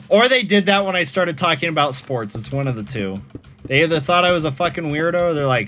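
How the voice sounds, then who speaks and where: A man's voice: mid-range voice, moderate pace, a bit bright, a little hiss or hum. A young man streaming a game, chatting casually in a rambling, amused, profane way. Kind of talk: casual chat while gaming.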